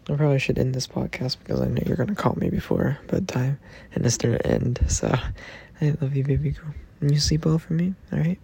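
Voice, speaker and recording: Gravelly young man, softly affectionate. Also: on the high side. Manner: tender, rambling, teasing, drops into soft whispers. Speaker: podcaster speaking to his girlfriend. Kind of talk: intimate personal voice message.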